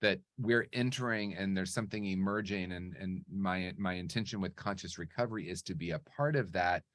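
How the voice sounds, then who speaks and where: An earnest man speaks with a lowish voice and tells his story in a lively, conversational way, often pausing to ask "right?". The sound is dry and close, with no room echo. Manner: earnest, animated, frequent "right?" asides. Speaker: guest speaker on recovery.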